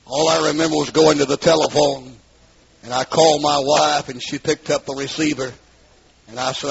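A middle-aged man giving an emphatic testimony sermon, his voice gravelly and pitched a bit high. He drives the story forward and rises into shouts. The recording is dull and lo-fi. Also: fairly even intonation, normal speed.

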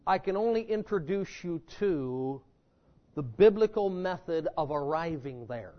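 This sermon comes from a pastor with a high voice for a man, delivered with fervor, hitting key words hard before dropping low and intense. He is expressive and keeps a measured pace, though the church audio is dull and lo-fi.

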